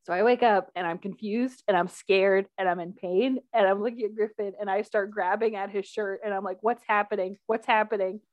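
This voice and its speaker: A young woman hosting a podcast, casually telling a personal story with lots of laughter and loudly acted-out quotes. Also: medium pitch, fairly quick, few pauses, lo-fi sound. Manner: animated, laughs often, acts out quotes loudly. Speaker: podcast host.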